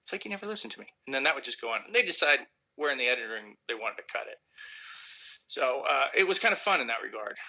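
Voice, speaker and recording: A man's voice: medium pitch, animated, fast, sharp tone, rough recording. A man casually answering viewer questions on a livestream, rambling and joking, sometimes trailing off into mumbles. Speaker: actor answering fan questions.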